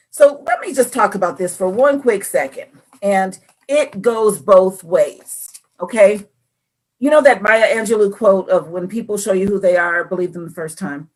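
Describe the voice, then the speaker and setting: A woman's voice: medium pitch, husky. A woman, co-hosting a casual faith chat and animatedly talking through her thoughts. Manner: animated, acts out quoted voices. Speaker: podcast co-host.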